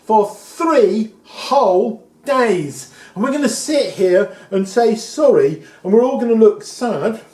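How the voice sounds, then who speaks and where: A man's voice: sits high, animated, takes it slowly, hardly any pauses, darkish tone, voice pushed up. A man doing a remorseful old-time king. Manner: earnest, apologetic. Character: repentant king of an ancient city. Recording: echoey room.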